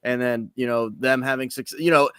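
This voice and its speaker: A man's voice: mid-range voice, fairly even intonation, normal speed, a bit bright, clear, resonant tone, dry recording. A man co-hosting a casual sports podcast, talking hesitantly with many restarts as he thinks aloud. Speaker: podcast co-host.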